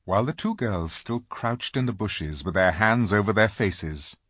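A man narrating a children's storybook aloud, slow and dramatic in his reading. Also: fairly low pitch, animated, fairly bright tone, husky, no echo, studio quality. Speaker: audiobook reader.

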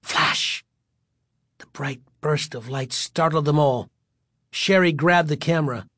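An audiobook narrator reading a spooky story with suspense and vivid pacing. The voice sits at a middle pitch, and the recording is close and dry, with no room sound. The reader keeps the tension up from line to line. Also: moderate pace, fairly bright tone, no echo.

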